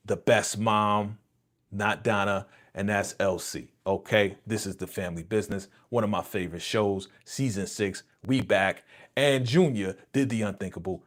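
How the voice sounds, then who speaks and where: A man hosting a live reaction stream, chatting casually in slang and laughing often. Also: on the low side. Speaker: streamer host.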